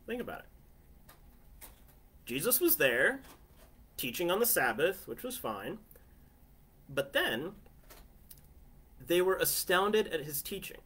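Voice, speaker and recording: A man's voice: on the high side, fairly bright tone, breathy edge. A man preaching a sermon from his family living room in a conversational way, often asking listeners "right?". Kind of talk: home sermon.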